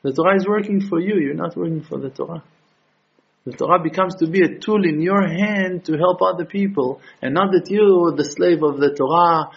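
A man's voice: fairly high pitch, normal speed, creaky, husky. A man giving an impassioned sermon as a religious teacher, building to emphatic peaks. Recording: dull lo-fi recording.

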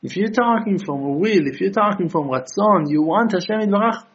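A man's voice: high voice, expressive, fairly quick, husky. A man giving an impassioned sermon as a religious teacher, building to emphatic peaks. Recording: dull lo-fi recording.

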